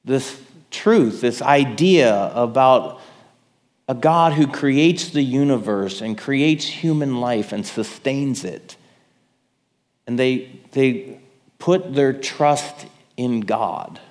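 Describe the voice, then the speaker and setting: A man's voice: mid-range voice, takes it slowly, a little mellow, big-room sound. A man preaching a sermon in a conversational way, checking in with his listeners. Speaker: pastor.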